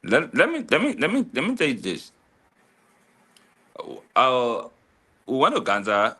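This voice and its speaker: A man in a casual talk-show chat, telling stories in a lively way and often repeating his words. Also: mid-range voice, unhurried, breathy edge. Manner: animated storytelling, repeats words.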